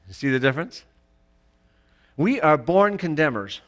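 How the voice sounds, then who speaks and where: Emphatic high-voiced male preacher. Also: big pitch swings, brisk, pauses often. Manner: emphatic, rising to loud exclamations. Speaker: pastor. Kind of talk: sermon. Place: church.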